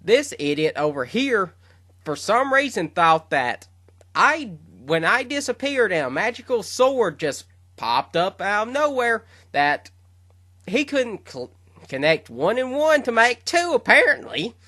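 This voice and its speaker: A man's voice: on the high side, animated, normal speed, sharp tone, no echo, clean studio sound, heavily acted. A man voicing a grumpy, sarcastic ancient male god who scolds with exasperation, in an acted fan fiction story. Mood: scolding.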